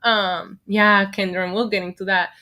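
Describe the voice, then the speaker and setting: A young woman with a New York accent hosting a casual wrestling livestream, chatty and excitable, thanking viewers in the chat by name. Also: medium pitch, measured pace. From United States. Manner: chatty, excitable, reads chat names aloud.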